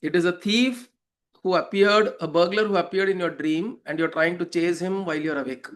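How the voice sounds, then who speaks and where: A man's voice: sits high, normal speed, a bit bright. Reflective man teaching scripture. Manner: reflective, poses rhetorical questions, tells parables. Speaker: spiritual teacher. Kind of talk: explaining a scripture verse.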